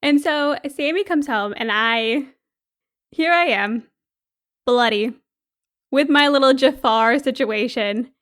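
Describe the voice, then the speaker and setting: A young woman with a high voice co-hosts a podcast, recounting a story in easygoing chat. She is animated and breaks into laughter often as she talks. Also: slow pace, long pauses. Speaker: podcast co-host.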